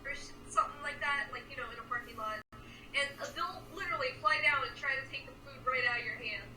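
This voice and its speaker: A woman's voice: high-pitched, fast talker, sharp tone, slight background noise. A woman chatting casually, telling loose stories and peppering her speech with "like.". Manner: chatty, loose storytelling with frequent "like". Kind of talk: casual chat. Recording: distant, echoey room sound.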